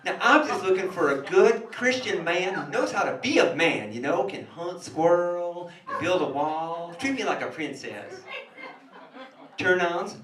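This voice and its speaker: A woman's voice: on the low side, very animated, measured pace, fairly bright tone. A man putting on a brash backwoods dating-site woman. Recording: echoey club from a distance.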